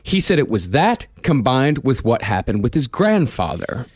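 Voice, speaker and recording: A man's voice: mid-range voice, big pitch swings, moderate pace, husky, no echo, clean studio sound. A man co-hosting a podcast, casually retelling his research in a wry, profane way. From United States. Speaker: podcast co-host, lead researcher.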